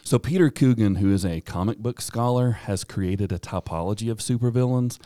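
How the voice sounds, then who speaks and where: A man with a rural American twang talks in a low, deep register. His delivery is loose and rambling, full of fillers and small chuckles. The sound is close and dry, as in a small studio. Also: normal speed, mellow, no echo. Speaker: podcast co-host, teacher. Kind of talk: casual podcast chat.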